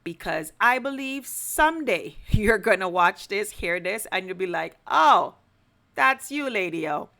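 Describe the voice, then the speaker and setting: Woman podcast host, solo commentary, earnest, turns emphatic, mid-range pitch. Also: lively intonation, moderate pace, few pauses, a bit bright. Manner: earnest, building to emphatic pleas. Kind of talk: direct-to-camera commentary.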